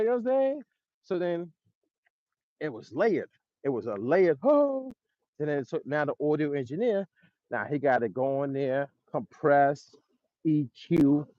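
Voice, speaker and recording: A man, a music producer, telling studio stories in a loose, animated way, acting out voices with laughs. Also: fairly high pitch, no echo. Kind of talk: casual storytelling. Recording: dull dry sound.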